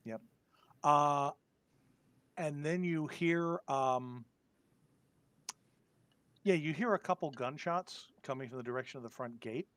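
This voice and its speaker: A man running a tabletop horror game as game master, describing scenes with many pauses and filler words. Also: fairly high pitch, a bit bright, no room sound.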